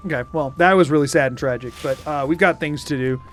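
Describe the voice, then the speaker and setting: A man's voice: a little high, fast talker, hardly any pauses, a bit bright, soft background music. A man giving playful, joking commentary as he streams a game and chats with his viewers. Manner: playful, jokey, talks to chat. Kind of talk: casual gameplay commentary.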